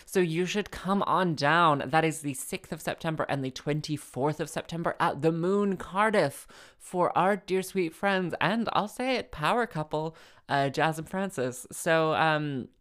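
A woman's voice: sits low, a little slow. A woman hosting her own podcast, chatting casually and tiredly, rambling and restarting her phrases with self-deprecating asides. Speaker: podcast host. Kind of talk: casual solo chat.

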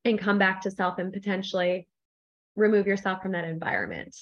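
A woman's voice: mid-range voice, steady tone, brisk. Woman telling a reflective story, muffled audio. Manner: reflective storytelling, acts out her own past thoughts. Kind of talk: conversational podcast chat.

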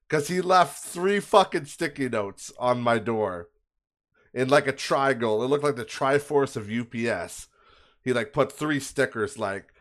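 A Canadian man hosts a podcast in a casual rant, profane and exasperated, laughing at his own bad luck. His mid-range voice is a bit bright, and he speaks at a moderate pace.

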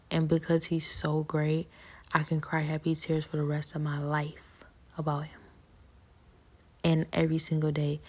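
Speaking softly and in a whisper, a young woman shares her personal faith testimony, her voice sitting low. She halts often, full of fillers and restarts.

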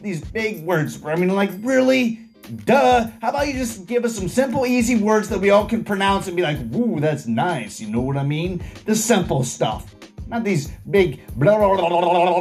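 Chatty jokey man spelling out words. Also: fairly high pitch. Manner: drifts into personal asides, says "you know what I mean" often. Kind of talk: casual rambling vlog, reading a list aloud.

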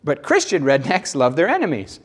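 Brief: Southern male preacher, sermon, slightly high voice, very animated and emphatic delivery. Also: fairly quick, slightly rough. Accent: Southern American.

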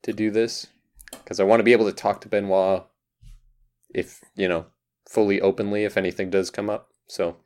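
A man playing a tabletop role-playing game, talking animatedly and laughing, with swings from mumbles to excited bursts. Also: on the low side, fairly quick. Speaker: player. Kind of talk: tabletop role-play chat.

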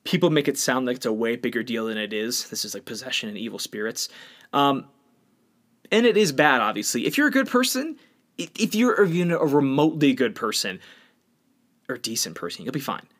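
A man's voice: medium pitch, big pitch swings, a little fast, fairly bright tone. Blunt, opinionated man in casual chat. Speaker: podcast co-host.

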